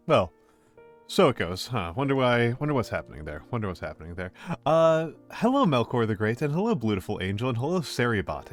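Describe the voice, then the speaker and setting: A man streaming as a VTuber, chatting casually with his live viewers in a rambling, gently playful way, often repeating his own phrases. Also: medium pitch.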